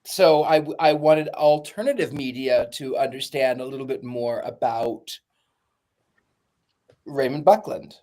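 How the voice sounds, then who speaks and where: A man on a panel chat, joking deadpan and stumbling over the starts of his sentences. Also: medium pitch, measured pace. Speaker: panel guest.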